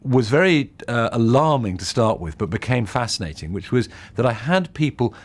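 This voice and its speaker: A man's voice: medium pitch, sing-song, normal speed. A man, a film director, explaining his choices eagerly and fluently in a behind-the-scenes interview, with some fillers.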